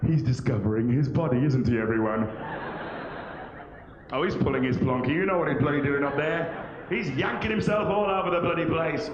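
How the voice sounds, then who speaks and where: Man, stand-up comic, animated delivery, high-ish voice, roomy theatre, dull hissy VHS tape. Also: fairly quick. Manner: animated, acts out voices, cheeky. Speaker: stand-up comedian. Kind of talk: live stand-up comedy. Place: large theatre stage. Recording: roomy lo-fi VHS stage recording.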